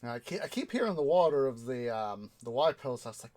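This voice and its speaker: A man's voice: medium pitch, lively intonation, fast talker, darkish tone. A young man hosting a gaming channel, chatting casually while he plays, rambling and hesitant with lots of fillers. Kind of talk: casual gameplay commentary.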